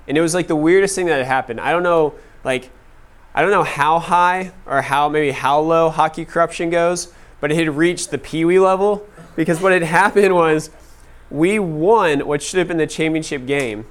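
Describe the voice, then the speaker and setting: A man's voice: a little high, moderate pace. A man in his thirties teaching a class, telling personal stories casually with lots of "like" fillers. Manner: casual, many "like" fillers, laughing at own stories. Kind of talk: storytelling talk to a class.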